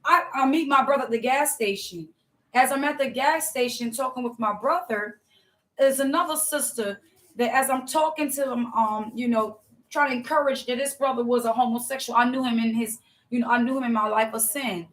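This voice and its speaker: High-voiced woman preaching a fervent testimony. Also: brisk, fairly bright tone. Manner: fervent, repetitive, addresses listeners as y'all. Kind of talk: impassioned testimony sermon.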